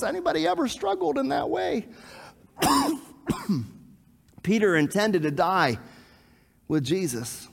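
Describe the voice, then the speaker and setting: A man preaching a sermon, animated, asking the congregation questions and acting out scenes. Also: high voice, slow pace, vocal fry, pauses often, husky, long reverb tail. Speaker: pastor.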